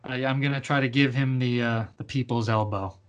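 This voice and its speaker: A man's voice: medium pitch, steady tone, dull audio. A man playing a tabletop game, talking casually, laughing and stumbling over his words. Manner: laughing, halting, restarts often. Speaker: player.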